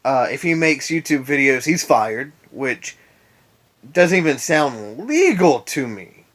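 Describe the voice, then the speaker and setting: A young vlogger lies in bed at home, worn out, ranting casually about a former boss and throwing in sarcastic asides. His mid-range voice has a sing-song lilt, a slow pace, and a slightly bright tone.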